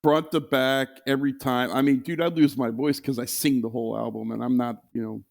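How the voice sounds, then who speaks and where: Gravelly guy on a podcast, keeps restarting, laughs a lot, mid pitch. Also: fairly even intonation, a little fast. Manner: hesitant, repeating words, laughing easily. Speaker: podcast guest. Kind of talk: casual chat.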